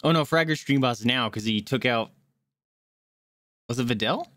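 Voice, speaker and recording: A woman's voice: very deep voice, normal speed, a bit bright, no room sound. A young woman giving casual, jokey commentary while she streams a video game and chats with viewers. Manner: chatty, laid-back, jokey.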